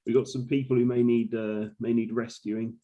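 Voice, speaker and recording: A man's voice: mid-range voice, flat delivery, normal speed, muffled recording. A man playing in a tabletop game, talking casually and joking easily. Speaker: player.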